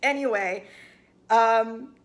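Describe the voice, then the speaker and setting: A woman's voice: on the high side, drawn-out words. A young woman recapping a reality show for her viewers in a chatty, sarcastic way. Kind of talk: casual chat.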